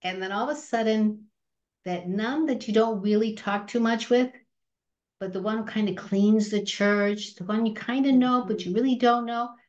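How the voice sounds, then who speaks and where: A woman guest on an interview podcast, telling personal stories in a lively way and acting out the voices of the people in them, with frequent restarts. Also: fairly high pitch, moderate pace, highs cut off. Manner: animated, acts out voices in anecdotes, many restarts. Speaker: film company president, guest. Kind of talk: conversational storytelling.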